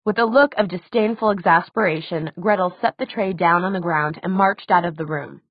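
Woman, audiobook narration, measured, lowish voice, muffled lo-fi sound. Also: dry recording.

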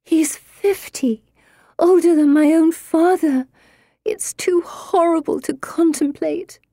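Woman doing a spoiled teen girl, high and whiny, all drama, audiobook vibe. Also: expressive, unhurried, mellow, no echo, studio quality. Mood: plaintive.

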